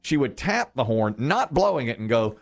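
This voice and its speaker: A man co-hosting a morning radio show, telling stories in casual chat and jumping into high voices for quotes. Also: moderate pace, vocal fry. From American South. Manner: animated storyteller, jumps to high voices for quotes.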